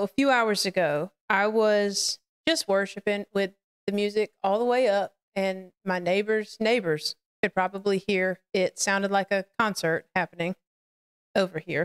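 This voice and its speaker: Woman, podcast host, smooth clear voice, candid and rambling, live-stream chat. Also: medium pitch.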